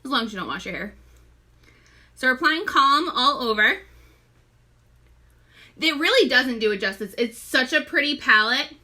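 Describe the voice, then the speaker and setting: A woman's voice: high voice, animated, moderate pace, pauses often, bright, forceful tone. A young pregnant woman hosting a casual live makeup tutorial, chatty, greeting viewers by name and often short of breath. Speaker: makeup seller and live-stream host.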